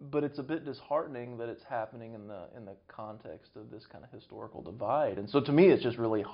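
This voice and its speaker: A man speaking as an interview guest, measured and academic, thinking aloud as he explains. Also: mid-range voice, vocal fry. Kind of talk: conversational interview. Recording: dull lo-fi recording.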